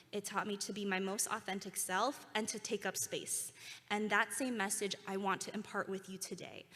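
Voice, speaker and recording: A woman's voice: medium pitch, a bit bright. A young woman giving a heartfelt ceremony speech in a school auditorium. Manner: earnest and heartfelt, leads a call-and-response. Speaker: alumni keynote speaker. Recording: reverberant hall.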